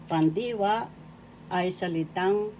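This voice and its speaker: Middle-aged woman teacher, low warm voice, very slow deliberate syllable drills, faint hum behind. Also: low-quality recording. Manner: spells out syllables slowly and deliberately. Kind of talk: slow language lesson.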